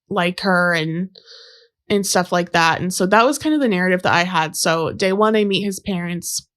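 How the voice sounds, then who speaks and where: A woman's voice: on the low side, a bit bright. A young adult woman telling a personal story about a relationship in a casual, conversational way, with many fillers and quoted exchanges. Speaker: podcast guest.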